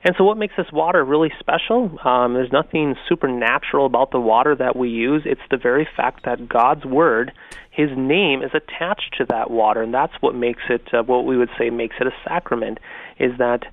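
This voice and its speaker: A man's voice: medium pitch, normal speed, dry recording. A man, a pastor, earnestly explaining his faith on a radio talk show. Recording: tinny phone-like radio line.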